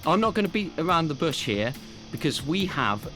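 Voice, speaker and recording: A man's voice: fairly high pitch, very animated, fairly quick, music in the background. A man in his thirties hosting a podcast, introducing everyone with grand announcer flourishes and puns. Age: 30s. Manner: grandiose, pun-filled announcing. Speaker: podcast host.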